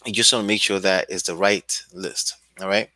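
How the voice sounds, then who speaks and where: A man's voice: sits low, fairly even intonation, normal speed, bright, forceful tone, no room sound. Casual-talking man coaching, dry sound. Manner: loose and conversational, often checks in with "right?" and "okay?". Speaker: real estate wholesaling coach. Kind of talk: casual instructional talk.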